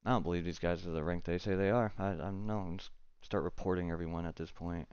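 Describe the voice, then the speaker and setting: A man's voice: low voice, steady tone, fast talker, a little mellow, smooth, dry recording, muffled recording. A man streaming a chess game live, muttering to himself and swearing in frustration as he plays. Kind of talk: live gaming commentary.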